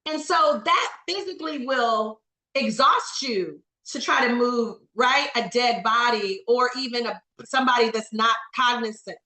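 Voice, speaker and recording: Female motivational coach, high and bright, preacher-like, calls on people by name; roomy echo. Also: measured pace. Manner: preacher-like, calls on listeners by name, rhetorical questions. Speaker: network marketing coach. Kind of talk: motivational training talk.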